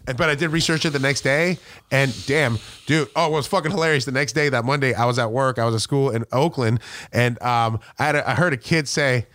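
A man's voice: mid-range voice, brisk, dry recording, clean studio sound. A man, a comedian guest telling profane stories in a casual podcast chat. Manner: profane, animated storyteller. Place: Oakland.

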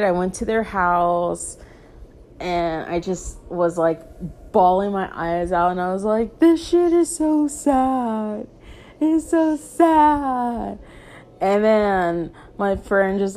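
Young woman, vlogger, unhurried pace, rambling casual storytelling, lots of "like". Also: on the low side, a little mellow. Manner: rambling, peppered with "like".

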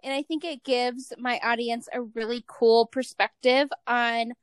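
Woman, 30s, high and bright-toned, chatty host, dry close mic. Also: little pitch movement, unhurried, clear, resonant tone, no room sound. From East Coast / Midwest United States. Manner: chatty, says "like" often, laughs easily. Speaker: podcast host. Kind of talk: casual chat.

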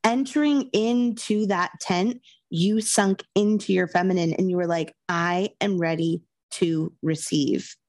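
A woman co-hosting a podcast in casual chat, warmly affirming her partner with frequent "yeah" and "wow". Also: lowish voice, fairly even intonation, measured pace, hardly any pauses. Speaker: podcast co-host.

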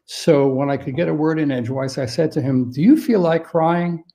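An older man sharing caregiving advice on dementia in a thoughtful, halting way with frequent restarts. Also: fairly high pitch, mellow. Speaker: dementia care expert guest. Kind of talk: conversational advice on a live stream.

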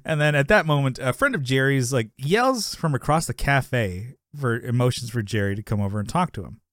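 A man's voice: medium pitch, lively intonation, fairly quick, a bit bright, no echo, studio quality. A man co-hosting a podcast, chatting casually and rambling through a TV episode recap, with lots of "you know" fillers and frequent laughs. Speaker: podcast co-host.

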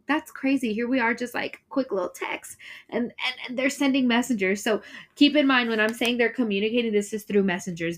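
A woman casually retelling a Bible story, chatty and expressive, acting out the characters' lines and laughing as she goes. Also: mid-range voice. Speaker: Bible study presenter.

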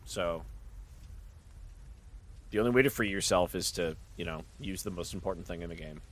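A man running a tabletop game over a video call, relaxed and joking as he checks the rules aloud. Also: deep voice, normal speed. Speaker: game master.

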